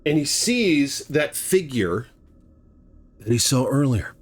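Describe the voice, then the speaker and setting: A man's voice: medium pitch, sing-song, takes it slowly, slight background noise. A man telling a chilling true story in a casual, dramatic way, with vivid asides to his viewers. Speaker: horror storyteller.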